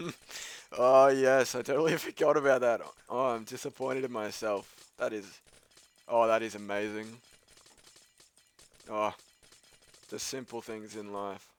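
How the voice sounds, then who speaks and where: A man's voice: fairly low pitch, creaky, no echo. A man rambling through casual gameplay commentary as a let's play host, full of ums, mild swearing and self-mocking asides.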